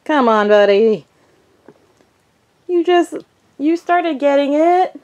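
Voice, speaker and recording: Woman with a lively, singing voice. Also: sits high, slow, pauses often, muffled recording. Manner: sing-song praise and firm short commands to a dog. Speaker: vlogger training her service dog. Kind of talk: casual vlog talk and dog commands.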